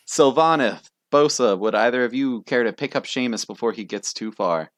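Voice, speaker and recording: A young man running a tabletop game as game master, relaxed and rambling, laughing often. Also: medium pitch, moderate pace, dry recording.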